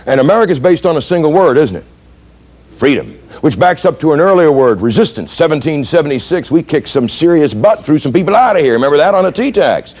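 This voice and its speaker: An American police trainer delivers a storytelling lecture in a slightly high voice at a fairly quick pace. He's animated and punchy, quizzing his audience with questions as he goes.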